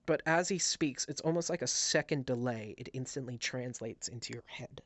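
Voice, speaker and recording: A man narrating as game master, describing scenes with halting restarts. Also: medium pitch, fairly bright tone, dry recording. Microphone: headset.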